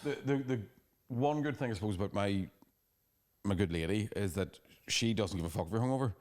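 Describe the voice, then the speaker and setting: Casting note: man, thirties, quick sweary anecdotes, lowish voice. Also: a little mellow. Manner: fast, sweary storytelling with laughing asides. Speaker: podcast co-host. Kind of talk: casual chat.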